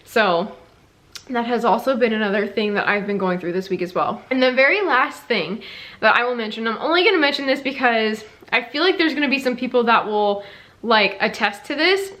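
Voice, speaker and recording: A woman's voice: on the high side, fairly quick, pushed and bright. A young woman who is heavily pregnant, chatting casually in a rambling vlog update, full of fillers. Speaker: vlogger, stay-at-home mom.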